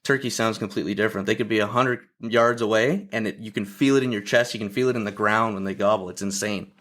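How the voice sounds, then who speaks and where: Over a video call, a podcast guest from Ontario, Canada, tells a hunting story in casual chat, lively and acting out other people's lines. His voice is on the low side and fast.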